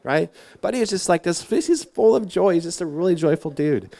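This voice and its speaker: A man's voice: high voice, animated, a little fast, vocal fry, warm tone. A man giving a casual, rambling sermon to a youth group, full of fillers and self-mocking asides. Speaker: youth church speaker.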